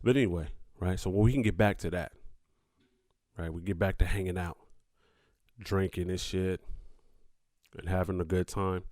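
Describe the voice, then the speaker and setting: A man's voice: deep voice, fairly even intonation, moderate pace, long pauses, a little mellow, dry recording, studio quality. Profane, laughing man hosting a podcast. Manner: profane, laughing, talks straight to listeners. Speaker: podcast host. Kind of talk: casual solo podcast monologue.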